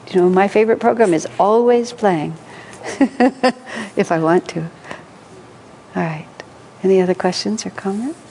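A woman giving an informal spiritual talk to a group, telling stories warmly with frequent laughter and restarts. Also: fairly low pitch, vocal fry, a little hiss or hum. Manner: warm storytelling, laughs often, many restarts and fillers. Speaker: spiritual teacher.

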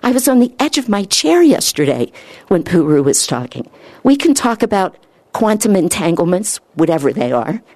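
A woman giving an informal spiritual talk, earnest and rambling, her voice lifting higher when she gets excited. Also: normal speed, no room sound. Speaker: spiritual speaker.

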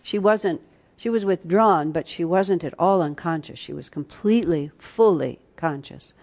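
Woman, retreat teacher; low, warm voice; earnest, reflective storyteller. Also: normal speed. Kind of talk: spiritual teaching talk with personal stories.

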